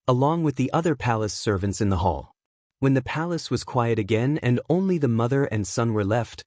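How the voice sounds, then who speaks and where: A man narrates an audiobook in an expressive way, with a pitch that rises and falls a lot. The recording is close and dry. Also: no room sound. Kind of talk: scripted narration.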